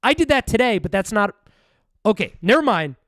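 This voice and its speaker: Brief: male streamer, fairly high and very animated, profane rambling commentary, dry close mic. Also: fairly quick, no echo. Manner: rambling, profane, jumps between topics. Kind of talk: casual livestream commentary.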